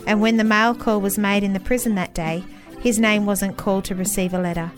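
A woman's voice: medium pitch, steady tone. Woman host over background music. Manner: clear, measured storytelling recap. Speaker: radio host. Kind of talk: scripted presenting.

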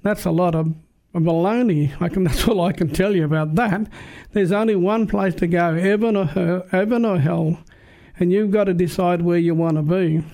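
A man's voice: high-pitched, moderate pace, dark tone. A man preaching and giving his personal testimony in an earnest, emphatic, plain-spoken way. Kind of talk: testimony sermon.

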